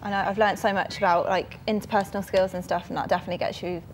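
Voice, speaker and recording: A young woman co-presenting a student show, reading links briskly and chatting. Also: medium pitch, steady tone, a little hiss or hum. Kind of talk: scripted presenting and casual chat.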